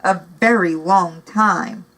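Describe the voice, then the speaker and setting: A woman reading aloud and voicing a menacing male villain who speaks softly and scornfully. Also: medium pitch, measured pace, low-quality recording.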